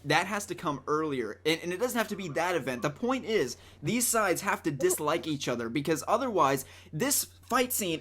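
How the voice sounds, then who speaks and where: A man who is a guest in a casual movie debate. He is excitable and argumentative, with stumbling restarts. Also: on the high side.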